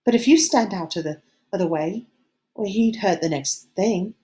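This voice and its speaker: A fretful, fussy schoolboy's voice, pitched high and squeaking when he worries, as a woman reading aloud puts him on. He pleads and scolds in anxious bursts in a storybook reading. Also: normal speed, mellow, lightly acted. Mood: plaintive. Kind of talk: audiobook reading.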